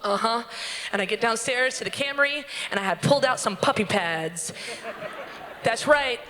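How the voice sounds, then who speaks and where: A woman telling a comic true story on stage at a live storytelling show, animated and acting out quotes. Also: a little high, normal speed. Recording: long hall reverb with faint noise.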